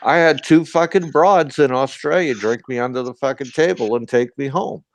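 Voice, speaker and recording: Speaking at normal speed in a medium pitch, this ex-sailor storyteller is an older Boston-accented man trading loud, foul-mouthed tales in casual talk. There's no echo on the recording.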